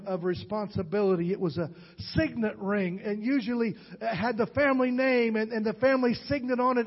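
A man preaching a sermon, swinging between loud, rising calls and soft, low storytelling. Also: slightly rough. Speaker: pastor. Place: large church hall. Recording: muffled sound with long hall reverb.

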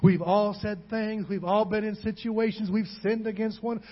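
Pastor guy preaching, husky highish voice, stumbles and repeats, long echo in the church. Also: fairly even intonation, moderate pace. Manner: emotional, calls out to congregation, repeats words. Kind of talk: sermon. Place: church hall. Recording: dull recording in a reverberant hall.

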